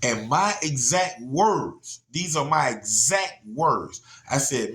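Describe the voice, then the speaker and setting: A man, from Georgia, telling a personal story in a casual, animated way, often asking "you know what I'm saying". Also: mid-range voice, slow, few pauses. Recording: roomy echo.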